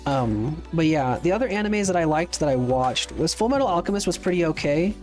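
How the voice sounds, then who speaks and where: With soft music behind him, a man streams a game and loosely chats with viewers, swearing and rambling while responding to their questions as they come. He has a fairly high, expressive voice with a darkish tone and a fairly quick pace.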